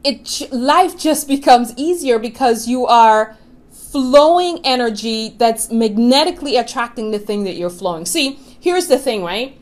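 A middle-aged woman coaching viewers in an earnest motivational talk. She is emphatic and slows down to stress key phrases. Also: a little high. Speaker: law of attraction coach and show host.

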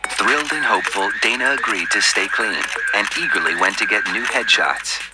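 Male narrator, deep voice, somber scripted read over a music bed. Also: normal speed. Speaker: documentary narrator.

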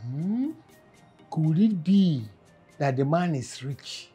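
A money-minded, calculating mother in a film drama. Her low voice is dark and very husky. Faint music sits under the dialogue. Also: animated, takes it slowly, full character voice. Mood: scheming. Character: calculating Nigerian mother, curious about money.

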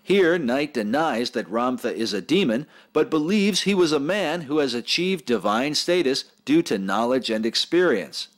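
A man giving measured, skeptical scripted documentary narration. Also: medium pitch, lively intonation. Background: music.

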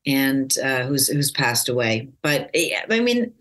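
Middle-aged american woman, really low voice, chatty and rambly, lots of ums. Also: sing-song, unhurried. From United States. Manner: rambling, warm storytelling with many fillers and restarts. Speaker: actress guest. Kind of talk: casual interview chat.

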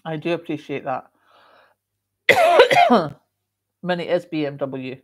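A woman's voice: low-pitched, wildly swooping pitch, takes it slowly. A middle-aged woman from Scotland with a moderated Scottish accent, hosting a livestream and chatting casually as she reads out viewer comments, with frequent coughs and ums. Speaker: livestream host.

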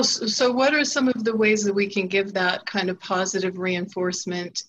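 Bright-voiced woman host asking questions. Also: fairly low pitch, dull audio, a little hiss or hum. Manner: attentive, recapping the guest's points. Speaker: interview host. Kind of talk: interview questions.

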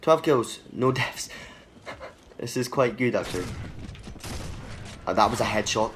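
A young man commentating his own gameplay for his channel, excitable and swearing freely as he talks at the players on screen. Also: mid-range voice, a little slow, a little hiss or hum. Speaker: gaming channel host. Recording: game sounds under the voice, clearly audible.

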